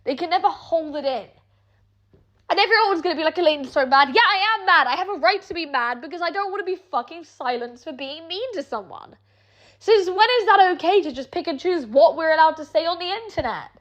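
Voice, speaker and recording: A young woman with a British accent rants in a heated, sarcastic way and swears constantly. Her voice sits high. The recording sounds dull and lo-fi. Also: animated, fairly quick, a bit bright. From Britain. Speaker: online personality. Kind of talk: angry streamed rant.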